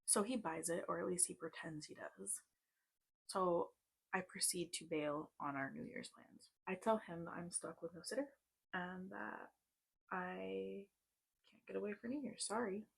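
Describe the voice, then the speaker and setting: A woman in her thirties vlogs a casual storytime while doing her makeup, chatting away with plenty of "like" and tense asides as she retells a personal story. Her voice is on the low side, creaky, husky and a little slow.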